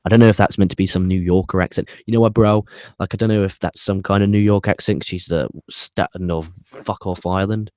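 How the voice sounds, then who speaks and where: A man's voice: deep voice, fairly even intonation, a little fast, few pauses, a little mellow, clear, resonant tone, dry recording. A man hosting a casual spoken review, opinionated and ranting, swearing freely and rambling off on tangents with frequent restarts. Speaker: wrestling show reviewer, host.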